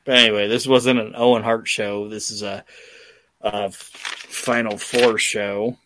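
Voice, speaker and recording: A man's voice: fairly low pitch, a little slow. A man hosting a podcast, telling stories in casual chat with lots of swearing and acted-out quotes. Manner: excited, profane storytelling with acted-out quotes. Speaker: podcast host.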